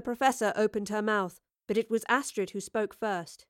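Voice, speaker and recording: A woman giving expressive, measured storybook narration. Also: mid-range voice, no echo, studio quality.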